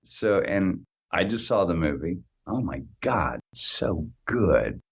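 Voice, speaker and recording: A man in his sixties with a very low voice talks as a podcast guest. He tells personal stories with animated energy and tends to repeat words as he starts his sentences. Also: takes it slowly, gravelly, slightly rough. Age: 60s. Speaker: guest actor. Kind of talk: casual interview storytelling.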